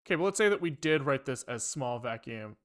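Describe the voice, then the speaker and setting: Brisk and expressive, this livestreaming programmer has a mid-range, fairly bright voice. As he codes on stream, he rambles and swears while thinking aloud, dropping wry asides to chat in a casual coding conversation.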